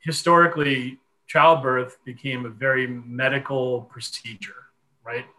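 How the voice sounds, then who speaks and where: A man in his forties telling a long personal story in a podcast conversation, animated and full of fillers. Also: mid-range voice, a little slow, rough recording. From Connecticut. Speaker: guest.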